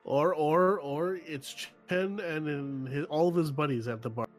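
A man's voice: fairly high pitch, a little slow, soft background music. A man co-hosting a casual gaming podcast, enthusiastic and a little rambling. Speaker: podcast co-host.

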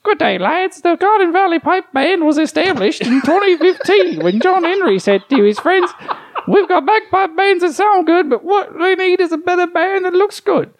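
A man putting on a high falsetto voice to play a brash young Australian woman announcer with a mock accent, over the top and boastful. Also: lively intonation, normal speed. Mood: hyped, boastful. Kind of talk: comedy podcast banter.

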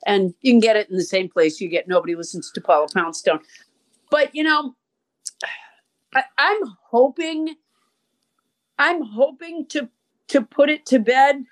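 A woman's voice: mid-range voice, moderate pace. An older woman hosting a podcast, chatting in a wry, rambling, self-deprecating way. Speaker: podcast host. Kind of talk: casual chat.

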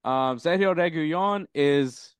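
A man's voice: fairly high pitch, slow pace, clean tone, dry recording. A man co-hosting a podcast, rambling casually about soccer, swearing freely and laughing often. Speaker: podcast co-host.

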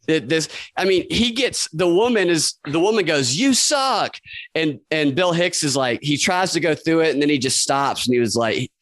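Rambling storyteller with a dry voice. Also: male voice, a little high, lively intonation, moderate pace, hardly any pauses, no room sound, low-quality recording. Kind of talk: casual chat.

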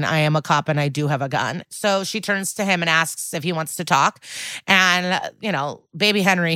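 A woman's voice: low-pitched, sharp tone, dry recording. A woman co-hosting a podcast, recapping a TV episode in a sarcastic, casual way and acting out the quoted lines. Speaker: podcast co-host.

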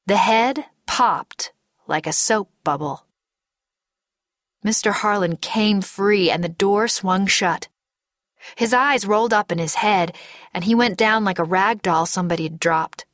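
A woman narrating a first-person story in a measured, deliberate way. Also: medium pitch, fairly bright tone, dry recording, studio quality. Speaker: audiobook narrator.

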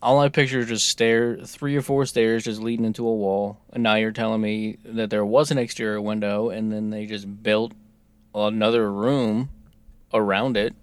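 A man's voice: fairly low pitch, moderate pace, clear, resonant tone, no echo. A man co-hosting a podcast in casual chat, reading out a promo then joking along. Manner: reads promo text flatly, then joking banter. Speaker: podcast co-host.

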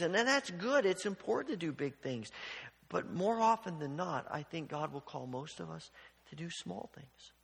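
A man preaching a sermon in an earnest way, often stumbling over repeated words and dropping to a hushed voice for emphasis. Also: high-pitched, vocal fry, breathy edge, long reverb tail. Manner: earnest, repeats words when restarting, drops to quiet near-whispers for emphasis.

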